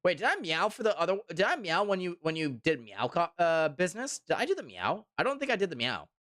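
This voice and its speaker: A man's voice: high-pitched, very animated, quick pace, a bit bright, no room sound, studio quality. A man in his twenties from Canada, chatting casually on a live stream, rambling and repeating himself while reading chat. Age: 20s.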